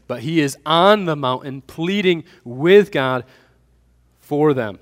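A man's voice: mid-range voice, lively intonation, slow pace, pauses often, long reverb tail. A man preaching a sermon, building emphasis and asking the congregation rhetorical questions. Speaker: pastor.

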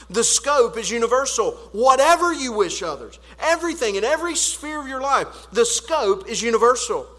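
A man preaching a sermon as pastor, earnest, rising to emphatic peaks and dropping quiet again. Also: very high voice, big-room sound, rough recording.

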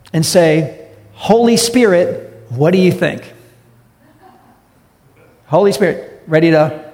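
A man's voice: on the high side, a little mellow, long reverb tail. A man preaching a sermon as pastor, direct and emphatic, often asking the congregation rhetorical questions. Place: church sanctuary.

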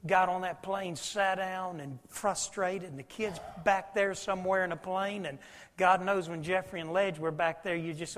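A man preaching a sermon, telling a folksy story and swinging between loud and hushed. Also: high voice, steady tone, moderate pace. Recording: long hall reverb.

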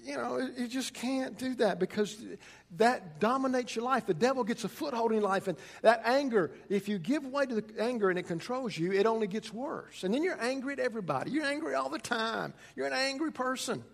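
A man's voice: very high-pitched, expressive, fairly quick, vocal fry. A man, a pastor preaching a conversational sermon and telling stories with frequent restarts.

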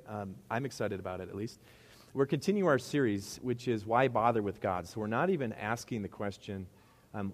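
A Midwestern-accented pastor speaks a little fast in a fairly low voice. He preaches to his congregation in a middle school hall, keeping it conversational and peppering the sermon with rhetorical questions.

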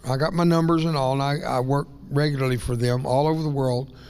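A man's voice: medium pitch, steady tone, quick pace, a little mellow, smooth. A man preaching as a guest in a Pentecostal church, folksy and rambling, with self-deprecating asides and a voice that rises and breaks into tearful whispers. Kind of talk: emotional Pentecostal sermon. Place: church sanctuary. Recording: long church reverb.

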